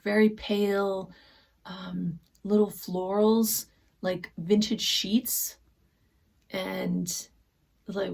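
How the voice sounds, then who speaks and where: A woman vlogger chatting through a sewing haul, gushing softly and often dropping to a whisper over fabrics and books. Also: medium pitch, creaky. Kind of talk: casual haul chat.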